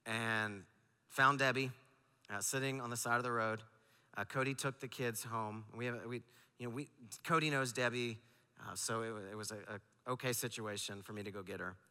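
A man's voice: medium pitch, pushed and bright, smooth. A man pastor telling a personal story in a sermon, earnest and peppered with fillers. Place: large church auditorium. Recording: long hall reverb.

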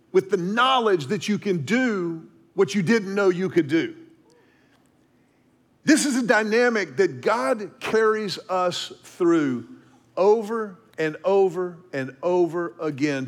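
A middle-aged man with a high-pitched voice tells a personal story as part of a devotional talk. He paints the scene vividly and drops to a near hush for his asides. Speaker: speaker.

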